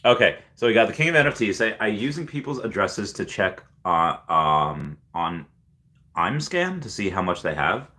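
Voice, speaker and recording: A man's voice: on the low side, big pitch swings, normal speed, bright, forceful tone. A young man hosting a casual livestream, rambling and reading viewer comments aloud with many fillers. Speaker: livestream host.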